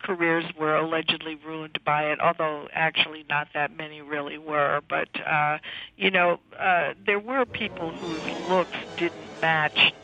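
A woman guest expert on a radio panel, talking about film with animated enthusiasm. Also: deep voice, measured pace, no room sound. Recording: slightly dull, dry line.

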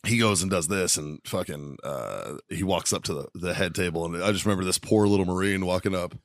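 A man's voice: deep voice, brisk, no room sound, studio quality. A middle-aged man, a podcast co-host, telling a profane story in a laughing, casual way.

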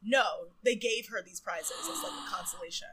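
A woman's voice: fairly high pitch, animated, normal speed, sharp tone, slightly rough, rough recording. A woman casually retelling a TV moment to a friend, chatty and swearing now and then. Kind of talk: casual chat recapping a TV moment.

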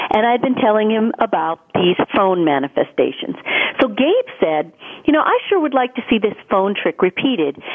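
A woman guest telling an earnest, animated personal story in an interview. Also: mid-range voice. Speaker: guest author. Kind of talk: storytelling interview over the phone. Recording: tinny phone line.

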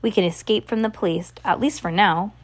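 A woman voicing a cautious, bookish teenage boy who talks in a hushed, careful way. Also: medium pitch, a little fast, lightly acted.

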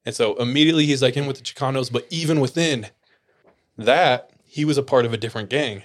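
Speaking fast at a medium pitch, this young man co-hosts a podcast and spins a lengthy tale during casual conversation, full of animation and frequent laughter.

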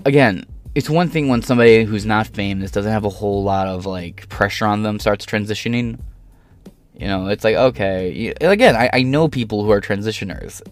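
A podcast host from Canada launches into a blunt, heated rant laced with plenty of swearing. He talks fairly quickly in a lowish voice, with soft music playing in the background.

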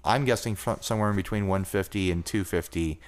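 A man's voice: sits low, fast talker. A man co-hosting a podcast in a loose, rambling, jokey chat. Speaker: podcast co-host. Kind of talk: casual chat.

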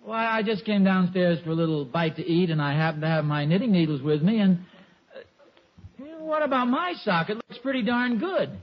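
A man's voice: sits high, expressive, brisk. A man playing an easygoing middle-aged husband and father in a 1950s radio sitcom, stammering and sheepish, on a dull old radio recording.

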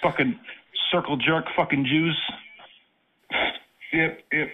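A man's voice: mid-range voice, a little fast. A man making an angry prank phone call, swearing and issuing threats in a ranting manner. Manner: profane, threatening rant. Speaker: prank caller. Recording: tinny phone line.

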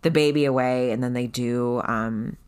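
A woman telling a story in casual chat, animated and swearing freely, loudly acting out what people said. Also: a bass voice, normal speed, smooth. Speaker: guest telling her birth story.

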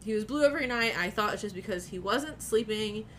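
A woman's voice: mid-range voice, expressive, a little fast, a bit bright, a little hiss or hum. A woman telling a personal story in casual chat, candid and profane, often laughing as she talks.

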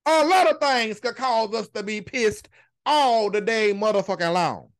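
A woman hosts a podcast with casual commentary, speaking in a fairly high, animated voice at an unhurried pace. It comes out as an emphatic rant loaded with profanity, her swear words drawn out long.

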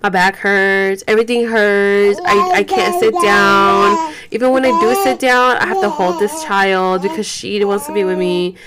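A woman's voice: mid-range voice, moderate pace, hardly any pauses, heavy background noise. A woman hosting a podcast in a rambling, chatty way, tired and yawning, saying "like" a lot and swearing now and then. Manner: rambling, chatty, says "like" and "you guys" often, swears. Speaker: podcast host. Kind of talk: casual chat.

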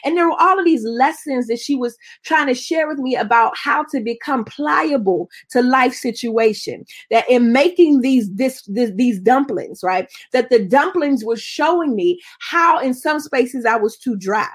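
A woman minister sharing a personal testimony in an expressive, storytelling way. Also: sits high, unhurried, hardly any pauses.

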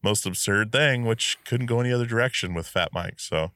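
A man's voice: on the low side, a little fast, no echo. A man hosting a podcast, telling a long casual story full of fillers and asides. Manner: animated storyteller, many fillers. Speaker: podcast host.

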